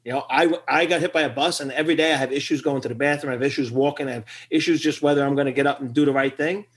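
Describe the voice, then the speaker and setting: A middle-aged man, a podcast guest, telling a story with lively acted-out quotes and frequent laughter. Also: medium pitch, rapid-fire. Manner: animated storyteller who acts out quotes and laughs often. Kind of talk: storytelling interview.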